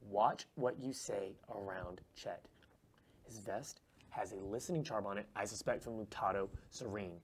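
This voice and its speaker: A man voicing a serious, protective adventurer in a tabletop game, speaking low and urgently. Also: moderate pace, slight background noise, natural voice. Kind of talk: tabletop role-play voicing.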